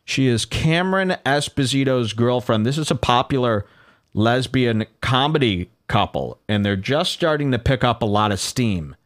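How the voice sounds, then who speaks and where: Male podcast host, solo rant, lively swinging pitch, incredulous. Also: normal speed. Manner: animated, incredulous ranting, reading posts aloud. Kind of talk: solo commentary show.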